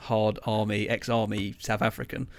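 Low-voiced rambling young man. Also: level tone, moderate pace, no room sound. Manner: rambling storyteller, lots of fillers and swearing. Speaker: podcast co-host. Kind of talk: casual podcast chat.

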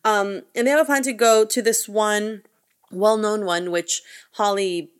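A woman's voice: mid-range voice, steady tone, measured pace, clean tone. A woman co-hosting a casual podcast, recapping a horror movie in a rambling way, with restarts and easy laughter. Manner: rambling, self-correcting, laughs easily. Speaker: podcast co-host.

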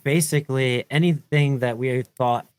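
Male co-host, mid pitch, earnest self-correcting talker. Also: fairly even intonation, moderate pace, smooth, no echo. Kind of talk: casual livestream chat.

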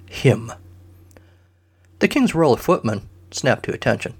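A man narrating a comic story with dry, deadpan asides. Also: medium pitch, fairly quick.

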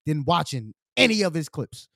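A man's voice: a little high, very animated, normal speed, creaky, bright, forceful tone, no room sound, studio quality. A young man with a New York accent, telling a story in casual podcast chat, slangy and profane, acting out quotes. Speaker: podcast host.

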